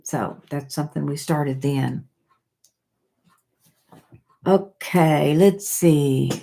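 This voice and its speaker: Slow-talking chatty woman host. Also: deep voice, gravelly, warm tone. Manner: chatty, rambling, reads comments aloud. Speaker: livestream host reading viewer comments. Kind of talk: casual live chat.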